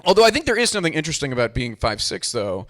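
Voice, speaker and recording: A man's voice: fairly high pitch, sing-song, rapid-fire. A young man doing a stand-up comedy set with a dry, self-deprecating delivery. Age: young adult.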